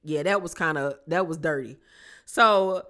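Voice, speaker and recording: A woman's voice: low-pitched, unhurried. A woman casually recapping a reality show on her channel, chatty and slangy, acting out what people said. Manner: animated, chatty, slangy, acts out quotes.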